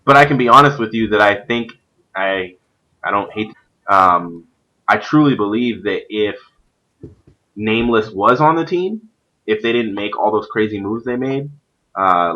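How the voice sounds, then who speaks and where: Speaking in a lowish voice through a muffled recording, a stream host and youth pastor rambles animatedly about competitive gaming. His casual esports chat is full of fillers.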